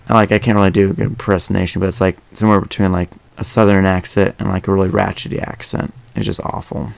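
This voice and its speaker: Young male podcast host, low gravelly voice, dry close sound, chatty and meandering. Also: fairly even intonation, fast talker, hardly any pauses, no room sound. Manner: rambling, many fillers and restarts. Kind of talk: casual podcast chat.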